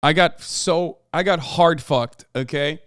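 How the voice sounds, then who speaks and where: A man in his thirties reacts to news clips on a live stream. He is loose, profane and excitable, and breaks into laughing asides. His voice is smooth and a little high, recorded dry and close. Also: slow, no room sound.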